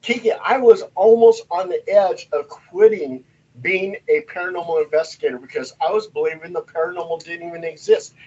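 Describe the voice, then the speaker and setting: Husky animated man telling ghost stories. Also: high voice, a little fast, lo-fi sound. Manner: animated, acts out voices in his stories. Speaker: paranormal investigator guest. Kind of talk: casual storytelling.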